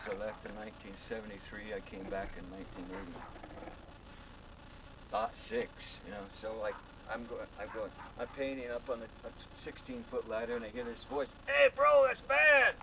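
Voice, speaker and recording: A man in his seventies, a muralist, telling stories in an interview in a lively way and acting out the people in them. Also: lowish voice, moderate pace, noisy background. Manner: lively storyteller, acts out voices. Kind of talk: storytelling interview.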